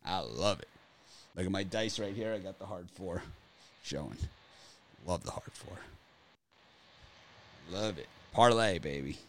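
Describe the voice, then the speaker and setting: A man's voice: sits low, measured pace, long pauses, a little hiss or hum. A man hosting a casual sports betting show over a video call, joking and rambling as he teases his co-hosts. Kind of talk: casual banter podcast.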